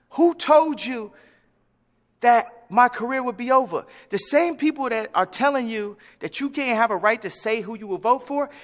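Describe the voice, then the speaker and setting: A man giving animated, preachy interview answers, swinging from loud, emphatic outbursts to quiet musing. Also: extremely high pitch, big-room sound. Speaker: interview guest.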